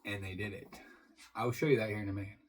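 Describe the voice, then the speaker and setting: A man's voice: lowish voice, steady tone, fast talker, a little hiss or hum, poor audio. A man talking casually through an unboxing for his channel, rambling and swearing freely as he goes. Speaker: beer reviewer.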